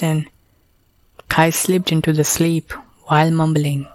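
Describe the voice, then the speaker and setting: A woman narrating a storybook tale in a calm, even reading. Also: sits low, slow, pauses often, no room sound.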